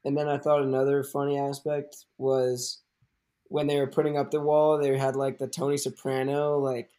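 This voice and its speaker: A young man hosts a podcast of casual chat, speaking at a moderate pace in a mid-range voice. He is animated, laughs a lot, uses many fillers, and acts out movie lines in put-on funny voices.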